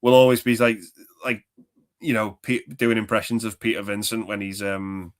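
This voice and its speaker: A man's voice: lowish voice, level tone, normal speed. A man co-hosting a casual movie chat, enthusiastic, swearing often and slipping into quoted lines. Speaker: podcast co-host.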